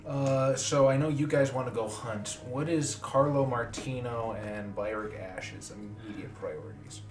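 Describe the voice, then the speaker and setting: A man's voice: mid-range voice, a little slow, distant mic. A man narrating as game master, casual and a bit profane. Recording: roomy echo with faint music.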